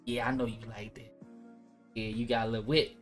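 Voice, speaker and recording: A man putting on a deep, slow, teasing voice, bragging about how his voice sounds after the gym. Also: level tone, faint music behind, lightly acted.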